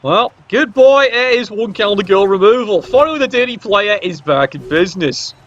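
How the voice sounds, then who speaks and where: High-voiced guy calling a match, cracks dry jokes, kinda muffled lo-fi audio. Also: animated, moderate pace, a bit bright. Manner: wry, joking asides. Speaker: game commentator. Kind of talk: play-by-play commentary. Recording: dull lo-fi recording.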